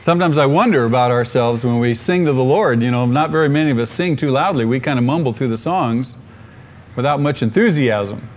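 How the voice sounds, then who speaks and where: Speaking a little fast in a mid-range voice, a middle-aged pastor delivers his sermon, rising into excited calls and questioning his congregation.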